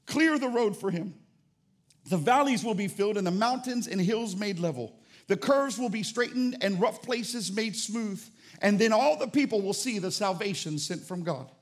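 A male pastor preaching a sermon, emphatic and full of rhetorical questions, sometimes rising to shouted declarations. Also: high-pitched, expressive, normal speed.

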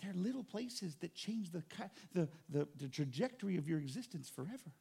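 A man preaching a sermon as pastor, animated and conversational, with joking asides to the congregation. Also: high-pitched, fairly quick, vocal fry, slightly rough.

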